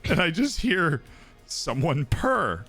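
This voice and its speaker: Bright, animated man telling a story. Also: on the high side, slow, husky, faint music behind. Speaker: streamer. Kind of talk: casual group chat on a live stream.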